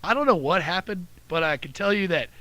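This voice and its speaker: A man casually telling profane, animated stories about his old job as a cab driver. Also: high-pitched, fairly quick. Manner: loose, profane, animated storytelling. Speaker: podcast co-host, former cab driver. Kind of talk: casual storytelling chat.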